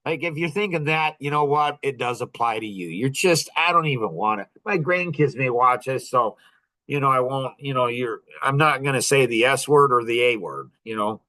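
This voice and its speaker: A man in his sixties hosting a podcast, telling stories in a sarcastic, rambling way with many fillers and big leaps in pitch. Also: normal speed, sharp tone, poor audio. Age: 60s. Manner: many fillers like "like" and "you know". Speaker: podcast host. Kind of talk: casual monologue.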